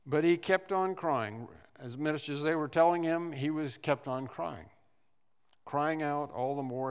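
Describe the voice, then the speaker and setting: A man's voice: a little high, measured pace, clear, resonant tone. Preaching man in a reverberant hall. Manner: animated preaching with repetitions and acted-out quotes. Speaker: pastor. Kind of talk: sermon.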